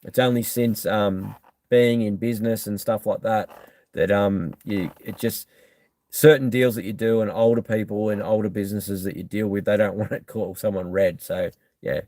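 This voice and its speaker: A man's voice: lowish voice, steady tone, moderate pace, darkish tone, no echo. An Australian man hosting a live stream, chatting casually and bluntly as he reads out and answers viewer comments, with lots of ums.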